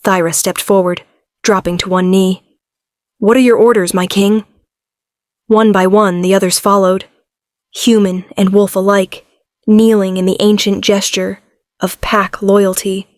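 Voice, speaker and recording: A woman narrating a romance audiobook in the first person, with even, steady storytelling. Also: mid-range voice, unhurried, no echo, studio quality.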